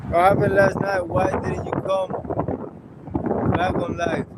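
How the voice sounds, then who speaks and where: A man's voice: sits high, level tone, slow. A young man livestreaming outdoors, talking to his viewers in an agitated, argumentative way and repeating himself. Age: young adult. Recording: loud wind noise on the mic.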